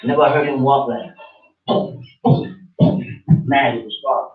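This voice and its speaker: A man's voice: medium pitch, wildly swooping pitch, fairly quick. A man preaching a fiery street-style sermon, scolding and swearing, with phrases said again and again. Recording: muffled, distant, echoey room.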